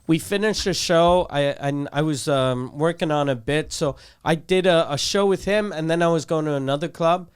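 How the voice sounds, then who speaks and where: Profane, rambling man, high voice. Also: moderate pace, few pauses, smooth. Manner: rambling, profane, lots of restarts and fillers. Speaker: comedian and podcast co-host. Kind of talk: casual storytelling chat.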